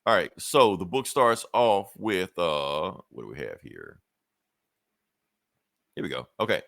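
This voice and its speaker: A man's voice: deep voice, very animated, unhurried, vocal fry, fairly bright tone, no echo, clean studio sound. A man hosting a podcast, retelling a comic book issue in loose, profane, chuckling casual chat. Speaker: podcast host.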